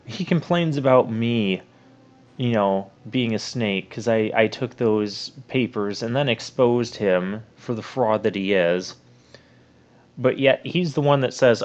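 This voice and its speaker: A man hosting a let's play, giving casual, rambling commentary with drawn-out asides. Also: mid-range voice, lo-fi sound. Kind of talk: gameplay commentary.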